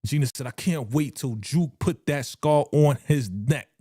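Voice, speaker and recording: A man hosting a live stream, reacting to a TV episode, reading the chat and acting out scenes with animated energy. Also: medium pitch, measured pace, slightly rough, no room sound, studio quality. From New York. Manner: animated, reads chat aloud, acts out scenes.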